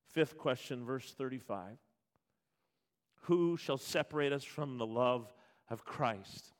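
A man preaching a sermon, reading scripture with rising intensity, then dropping to quiet, slow emphasis. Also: medium pitch, expressive. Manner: builds to loud emphatic peaks, then drops quiet and slow. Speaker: pastor.

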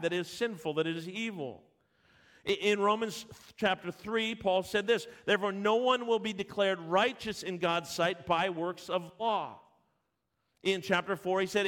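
A man's voice: high-pitched, a bit bright. A man preaching a sermon, emphatic at points and often restarting his words. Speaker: pastor.

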